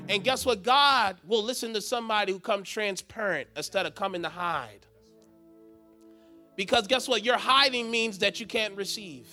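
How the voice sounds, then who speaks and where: A male preacher delivering an impassioned sermon in a very high, bright, forceful voice. He swings from ringing shouts down to hushed, quiet lines. Soft music plays faintly behind him. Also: moderate pace.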